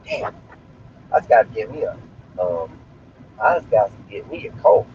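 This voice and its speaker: A man's voice: fairly low pitch, very animated, moderate pace, a little hiss or hum. A man chatting casually on a livestream, talking loosely with profane street slang, from inside a car. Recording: slightly dull lo-fi stream audio.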